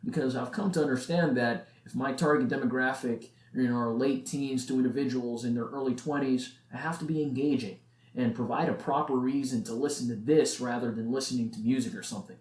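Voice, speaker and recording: A man's voice: mid-range voice, brisk, a little mellow. A nineteen-year-old man hosting a solo podcast, talking in a casual, earnest, motivational way. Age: late teens. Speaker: podcast host. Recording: echoey room.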